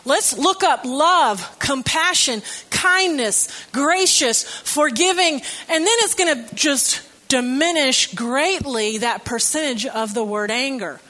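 Bright high-voiced woman preaching. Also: animated, slow, few pauses. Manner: conversational storytelling with humor. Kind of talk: sermon.

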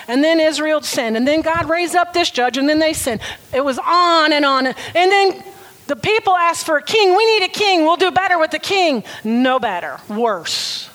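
A woman's voice: high voice, a bit bright, rough recording. A woman preaching a sermon in an earnest, emphatic way, leaning on key phrases.

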